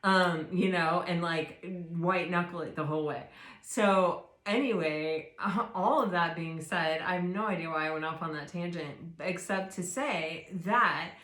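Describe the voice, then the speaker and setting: A woman giving a tarot reading, talking in a loose, rambling way with lots of fillers and self-corrections. Her voice sits on the low side for a woman and is soft and reassuring. The sound has a noticeable roomy echo. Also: unhurried. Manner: rambling, many fillers and restarts. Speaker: tarot reader. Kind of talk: casual spiritual chat.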